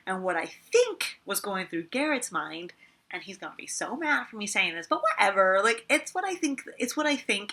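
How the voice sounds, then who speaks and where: A woman's voice: medium pitch, bright, forceful tone. A woman in her twenties telling a story in a casual vlog, chatty and full of fillers and swearing. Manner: chatty, swears a lot, many "like" fillers, laughs often. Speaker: vlogger.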